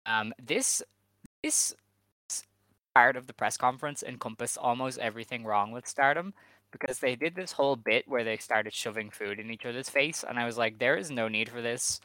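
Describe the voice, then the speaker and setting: Sarcastic podcast guy, smooth bright voice, dry close mic. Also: mid-range voice, normal speed, no room sound. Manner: dry, sarcastic rundown of the card. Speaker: co-host. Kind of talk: casual wrestling podcast chat.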